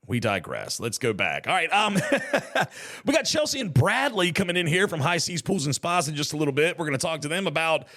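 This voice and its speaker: Male podcast host, bright tone, chatty solo talk with joking asides. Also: on the high side, big pitch swings, fairly quick.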